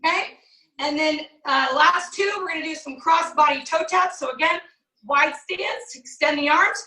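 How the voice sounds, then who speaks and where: A woman fitness coach giving energetic step-by-step workout cues and counting out the moves. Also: high-pitched, moderate pace. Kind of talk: guided workout instructions. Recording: echoey room, distant from the mic.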